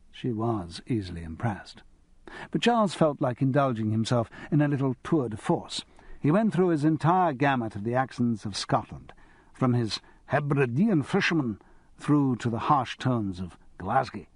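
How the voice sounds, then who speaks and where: Expressive male audiobook narrator. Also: medium pitch, moderate pace, slightly rough, no echo. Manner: expressive storytelling. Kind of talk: scripted narration.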